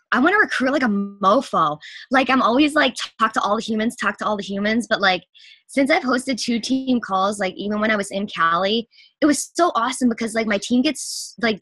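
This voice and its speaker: A young woman fitness coach giving a gushing, breathless testimonial, talking fast with lots of fillers. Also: mid-range voice, pushed and bright, no echo. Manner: gushing, rapid, breathless with enthusiasm. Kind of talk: excited testimonial talk.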